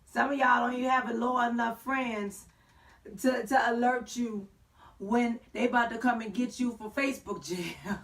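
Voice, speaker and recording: A woman hosts a casual online talk show, riffing in playful slang with sassy asides. Her voice sits high and bright. She sounds a touch distant from the microphone. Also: steady tone, moderate pace, creaky. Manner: sassy, playful slang, sings and shouts for effect.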